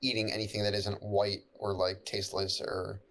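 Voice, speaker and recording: Incredulous swearing man, lower voice. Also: little pitch movement, normal speed, fairly bright tone. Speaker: podcast co-host. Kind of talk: casual chat.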